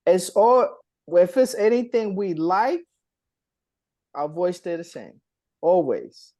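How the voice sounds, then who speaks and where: Animated man telling stories, dry sound. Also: sits high, slow, no room sound. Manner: animated storyteller, imitates voices, laughs often. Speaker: podcast co-host. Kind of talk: casual chat.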